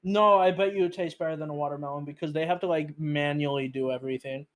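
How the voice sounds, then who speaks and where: A man's voice: a little high, steady tone, quick pace. A young man in casual stream chat, easygoing and teasing.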